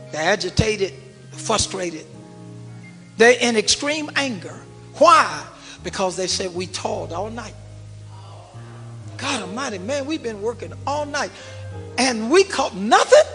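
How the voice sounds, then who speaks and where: A man preaching a sermon, talking back and forth with the congregation and swinging from shouts to low murmurs. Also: sing-song, slow pace. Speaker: pastor. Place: large church hall. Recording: church hall reverb with organ music.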